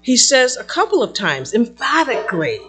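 A woman teaching a Bible passage in a lively, conversational way, breaking into playful asides. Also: on the high side, moderate pace, husky, soft background music.

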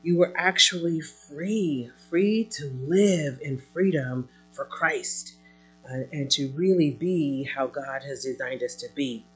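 A woman preaching a sermon in an expressive way, swinging between loud emphasis and soft asides, with fillers now and then. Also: low voice, takes it slowly, husky, faint music behind.

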